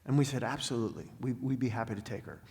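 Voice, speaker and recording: A middle-aged man giving an inspirational talk as a guest speaker, telling stories with dramatic pauses and slowing down for emphasis. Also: medium pitch, gravelly, darkish tone. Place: large spiritual center hall. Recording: long hall reverb.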